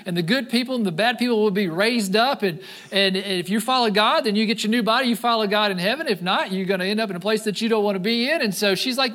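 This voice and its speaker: Male pastor, sermon, high voice, animated delivery, acts out story voices. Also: fast talker.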